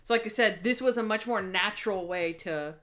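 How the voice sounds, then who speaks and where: A woman's voice: mid-range voice, a little fast. A woman co-hosting a casual podcast, reviewing a TV episode with lots of fillers and acted-out quotes. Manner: animated, acts out quotes, many fillers. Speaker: podcast co-host.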